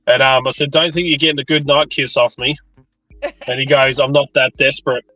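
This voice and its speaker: A man's voice: mid-range voice, brisk, no room sound, dull audio, faint music behind. A man, an aged care worker telling funny work stories in casual chat and acting out the voices he quotes. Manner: animated, acts out quoted voices.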